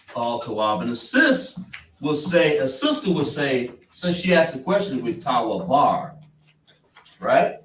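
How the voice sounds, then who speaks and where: A man's voice: mid-range voice, sing-song, takes it slowly, pauses often, a bit bright, slight background noise. A male teacher leads a class at the board, drilling words and checking with his students. He sounds far from the mic in a reverberant room. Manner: repetitive, question-and-answer teaching style. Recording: echoey room, voice from a distance.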